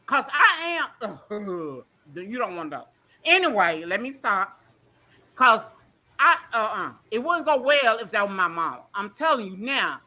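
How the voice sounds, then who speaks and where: Her voice is medium-pitched, pushed and bright, with big swings in pitch and a slightly slow pace. Calling in to a livestream, the woman rants emotionally, rambling bluntly and swearing plenty.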